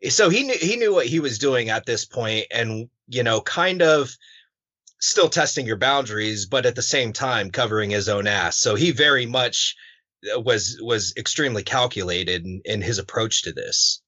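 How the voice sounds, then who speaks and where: A man hosting an interview podcast, asking reflective questions in a measured, hedging way. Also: mid-range voice, animated, bright, forceful tone. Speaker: podcast host. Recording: dull lo-fi recording.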